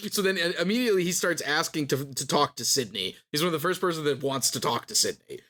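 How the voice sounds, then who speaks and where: A man's voice: fairly high pitch, fast, few pauses. Laughing male podcast co-host. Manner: laughs often, animated retelling. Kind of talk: casual book discussion.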